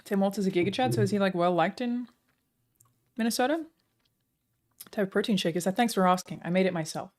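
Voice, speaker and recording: A woman streamer chatting live with her viewers in a sarcastic, deadpan, profane way. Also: mid-range voice, brisk, long pauses.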